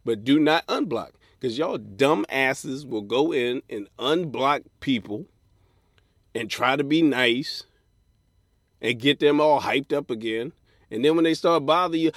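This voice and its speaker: A man delivers a solo comedic advice rant as a podcast host, blunt and full of swearing. His voice sits at an ordinary middle pitch. The recording is dry, with no room echo. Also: lively intonation, measured pace. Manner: blunt and profane, swings into mocking put-on voices.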